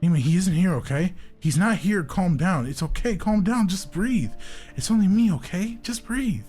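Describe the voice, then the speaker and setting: A man voicing a blunt, bossy young woman with a soft side, reading her lines in a raised voice. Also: sits high, lively intonation, moderate pace, breathy edge, faint music behind, voice pushed up. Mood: soothing. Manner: snappy, teasing, then coaxing.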